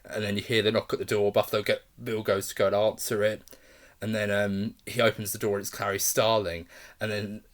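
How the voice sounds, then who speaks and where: A man's voice: on the low side, completely flat delivery, fairly quick. A man giving a casual film review, rambling with enthusiasm, restarting sentences and often laughing.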